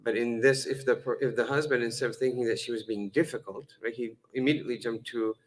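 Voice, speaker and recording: A man's voice: medium pitch, fairly even intonation, fast talker, a little hiss or hum, poor audio. A man giving a lecture-style sermon in a conversational, humorous way, often restarting words and acting out dialogue. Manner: conversational and humorous, frequent fillers and self-corrections; acts out dialogue with changing voices. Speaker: Islamic lecturer.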